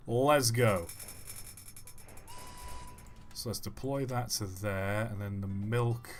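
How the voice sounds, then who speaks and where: A man's voice: on the low side, slow, pauses often. A man streaming a game live, thinking aloud as he plays and joking with his chat. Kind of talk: live gameplay commentary.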